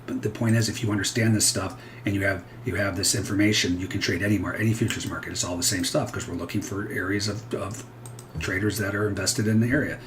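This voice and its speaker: Low-voiced man narrating live trades. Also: fairly even intonation, quick pace, fairly bright tone, a little hiss or hum. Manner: rambling, self-interrupting, candid. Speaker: futures trader. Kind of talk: live trading commentary.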